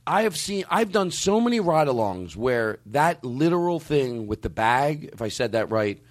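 A man hosting a podcast, talking in a casual, profane, animated way with many restarts. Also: medium pitch, normal speed. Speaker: podcast host.

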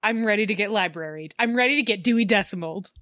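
A woman's voice: medium pitch, fast, a bit bright, dry recording, studio quality. A woman co-hosting a casual podcast chat, gushing and emphatic, often restarting her sentences. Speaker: podcast co-host. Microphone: remote call mic.

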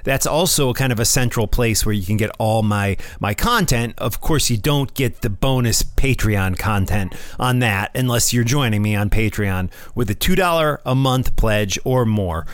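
A man's voice: lowish voice, lively intonation, moderate pace, hardly any pauses, dry recording. A man hosting his own podcast in a casual solo talk from a room at home, chatty and loose, often repeating himself and calling listeners "man". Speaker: podcast host. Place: room at home with family nearby.

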